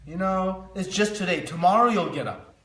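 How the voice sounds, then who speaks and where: A man voicing the coaxing female spirit of illusion, speaking low and soft in a roomy space. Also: moderate pace. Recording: roomy echo.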